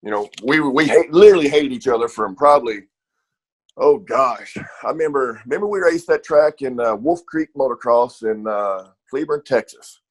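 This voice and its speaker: A man's voice: mid-range voice, expressive, moderate pace, low-quality recording. A middle-aged man telling rambling stories in a casual interview, laughing often and swearing freely. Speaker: retired racer guest.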